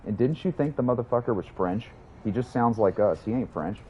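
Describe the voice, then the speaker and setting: A man's voice: medium pitch, animated, brisk, dull audio, slight background noise. A young man chatting casually while livestreaming a game, rambling, swearing and answering his chat. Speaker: streamer.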